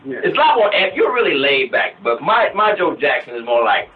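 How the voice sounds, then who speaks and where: A man's voice: fairly high pitch, very animated, a little fast, far from the mic. A man laughing and talking animatedly in an archived radio interview. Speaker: radio host. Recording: tinny old phone-line clip, noisy.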